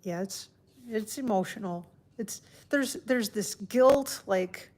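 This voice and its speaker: A woman hosting a casual livestream from home, chatting softly and heartfelt while answering viewers by name. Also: mid-range voice, expressive, slow. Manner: soft-spoken and heartfelt. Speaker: livestream host. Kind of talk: casual live-stream chat.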